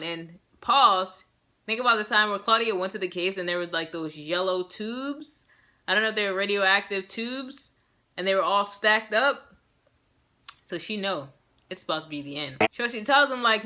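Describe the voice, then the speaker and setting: A young woman recaps a show episode in a loose, chatty way, sassy and animated, and she drops slang as she goes. Her voice is bright and forward, sitting at an ordinary pitch for a woman. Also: unhurried. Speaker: show reviewer. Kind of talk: casual video recap.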